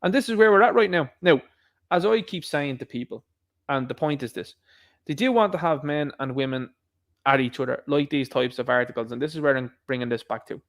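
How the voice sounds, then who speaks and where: A man's voice: mid-range voice, fairly quick. A man hosting an opinion podcast, ranting and mocking the people he quotes. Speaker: podcast host. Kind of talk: opinion commentary monologue.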